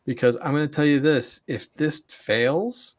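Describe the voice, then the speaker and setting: A man's voice: a little high, unhurried. Opinionated male podcast co-host. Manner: opinionated, repeats words when starting. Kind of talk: casual chat.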